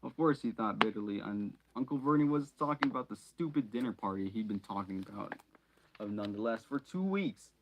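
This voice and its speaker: A man's voice: lowish voice, expressive, brisk, background noise. A man reading a novel aloud in a casual, unpolished way, stumbling and restarting words and breaking off for asides. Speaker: hobby reader.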